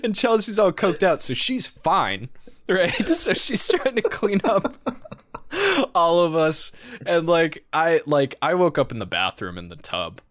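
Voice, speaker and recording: A man's voice: fairly high pitch, sing-song, a little slow, fairly bright tone, no room sound, clean studio sound. Laughing, profane young man telling a story. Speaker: podcast co-host. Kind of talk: casual storytelling chat.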